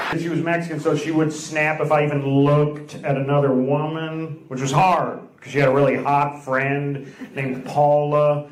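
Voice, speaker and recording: A man's voice: on the high side, flat delivery, moderate pace. A man doing stand-up comedy and crowd work on a club stage, brash and teasing. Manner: brash, teasing, shifts into mock voices for bits. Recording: echoey club with loud crowd noise.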